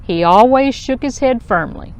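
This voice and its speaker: A woman reading a children's picture book aloud in a slow, expressive storytelling voice. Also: on the high side, clear, resonant tone.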